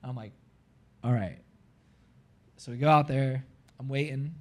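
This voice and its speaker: A man from Florida, a guest on a live podcast, telling a long story in an animated way, peppered with "like" and acting out what people said. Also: medium pitch, a little fast. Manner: animated, heavy use of "like", acts out his own quotes.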